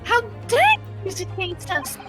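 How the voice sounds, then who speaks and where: Slow-talking high-voiced woman. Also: big pitch swings, over music. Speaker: streamer. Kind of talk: casual group chat on stream.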